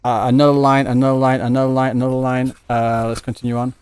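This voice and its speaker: A man's voice: medium pitch, level tone, fast talker, darkish tone, clear, resonant tone, dry recording. A man streaming live and answering his chat casually, emphatic and blunt, stacking repeated phrases and swearing now and then.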